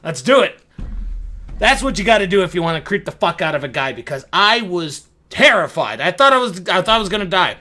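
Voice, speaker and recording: A young man with a high, bright voice tells a story in a loose, rambling way. He swears freely and pokes fun at himself as he goes. It sounds like a casual monologue to his viewers. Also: big pitch swings, fast, hardly any pauses, faint music behind. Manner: rambling, profane, self-mocking. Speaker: video creator.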